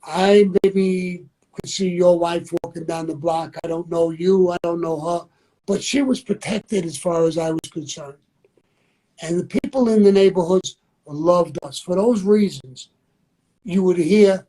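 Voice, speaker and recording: Older blunt New man, mellow voice. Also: high-pitched, unhurried, rough recording. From New York. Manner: blunt, repetitive, conversational. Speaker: interview guest. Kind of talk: candid interview talk.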